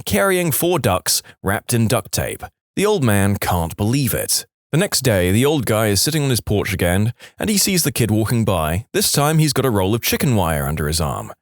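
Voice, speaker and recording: A man narrating jokes for a storytelling podcast, in an animated way, now and then slipping into funny character voices. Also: medium pitch, no echo, clean studio sound.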